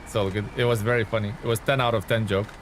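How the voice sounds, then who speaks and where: A male streamer with a fairly low voice talks his way through a live gameplay session, greeting viewers and reacting as he drives. His tone stays casual and chatty throughout. A faint background hum sits under his voice. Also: steady tone, racing. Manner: chatty, greets and thanks chat while playing. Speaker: game streamer.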